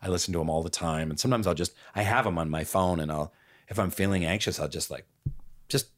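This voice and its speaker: Male podcast guest, low-pitched, calm and musing in relaxed conversation. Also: fast. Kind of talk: reflective conversational talk.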